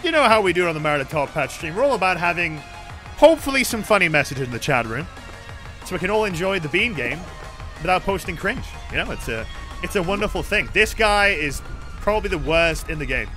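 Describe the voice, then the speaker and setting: A British man giving casual live commentary while streaming a game, swearing freely and yelling at the other players. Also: high voice, fast, soft background music. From Britain. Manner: profane, excitable, yells at other players.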